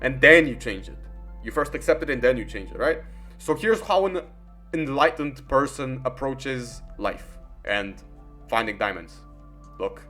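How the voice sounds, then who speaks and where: A young man rambles through casual gaming commentary. He leans on "like" and curse words, with a middling pitch. Soft music sits under his voice. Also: animated, unhurried. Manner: rambling, heavy fillers and swearing.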